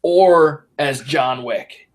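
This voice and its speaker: A man's voice: a little high, extremely slow. A man in casual podcast chat, animatedly retelling movie scenes and acting out the characters in voices. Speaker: podcast co-host.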